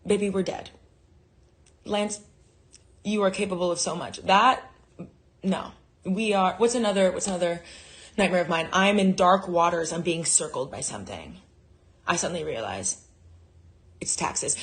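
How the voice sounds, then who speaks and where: A woman's voice: lowish voice, normal speed, pauses often. A woman performing a stand-up monologue as a comedy show host, with dry, self-mocking asides.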